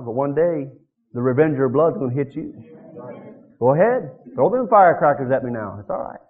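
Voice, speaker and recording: A man's voice: mid-range voice, lively intonation, a little fast. A man preaching a sermon, telling stories with animation and acting out the voices of the people in them. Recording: muffled lo-fi recording.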